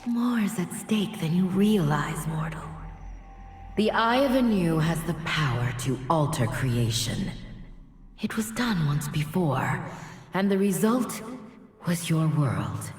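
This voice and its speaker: A grave ancient angel woman, low and unhurried, in a ringing hall over soft music; game cutscene. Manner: grave, formal, stately. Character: solemn freed female angel, ancient and wise. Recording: reverberant hall with faint music.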